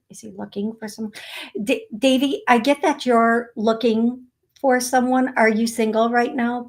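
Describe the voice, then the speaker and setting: A woman hosting a live psychic reading stream, talking slowly and affectionately to viewers, with many fillers while she reads comments. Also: mid-range voice. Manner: slow, soothing, affectionate. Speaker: psychic medium host.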